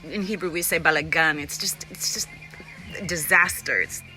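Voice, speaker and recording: A woman chatting casually on a home live stream, rambling and animated, greeting viewers by name. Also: sits low, normal speed, soft background music. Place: at home, in a room with a window.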